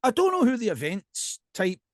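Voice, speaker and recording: A man with a Scottish accent, a podcast guest and pipe band drummer, chatting casually in an animated ranting way and often checking in with "right?". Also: very high voice, moderate pace, no echo, clean studio sound.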